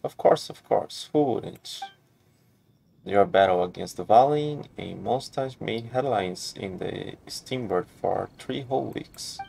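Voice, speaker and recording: Gravelly and dark, this low-leaning male voice moves slowly through a heavily acted reading of a game's eccentric, theatrical inventor. The lines come out grand and wordy in a grandiloquent mood, over slight background noise.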